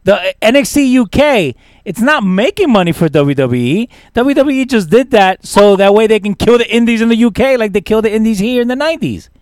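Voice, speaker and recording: A man's voice: sits high, lively intonation, a little fast, hardly any pauses, a little mellow, no echo, studio quality. A young man co-hosting a casual wrestling chat, ranting emphatically and repeating words. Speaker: podcast co-host.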